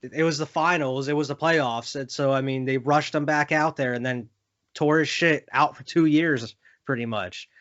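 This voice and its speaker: A man's voice: mid-range voice, steady tone, normal speed, a bit bright, highs cut off. A young man co-hosting a sports podcast, talking loosely with lots of fillers and laughs. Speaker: podcast co-host. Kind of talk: casual sports chat.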